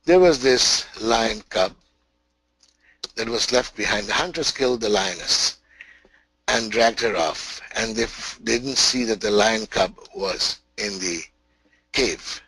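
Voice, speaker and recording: A man's voice: fairly low pitch, slow pace, fairly bright tone, slightly rough, dry recording, poor audio. A man teaching a spiritual webinar, telling a parable in an emphatic, repetitive way with frequent restarts.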